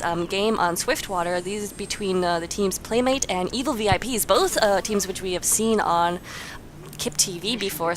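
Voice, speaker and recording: A woman hosts a game-match broadcast in a chatty, excitable way, often pausing on "um" and "uh" as she talks through the action. A steady layer of noise sits clearly behind her voice. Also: medium pitch. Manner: chatty, excitable, many fillers. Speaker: host and caster. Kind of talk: casual game commentary. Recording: noisy recording.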